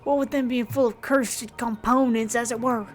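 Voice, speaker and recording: Woman putting on a wounded old man, gruff, fatherly, clipped odd grammar, game character. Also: a little high, steady tone, normal speed, pitched above the performer's own voice, close to an everyday voice. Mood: pained. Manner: calls everyone son, clipped odd grammar.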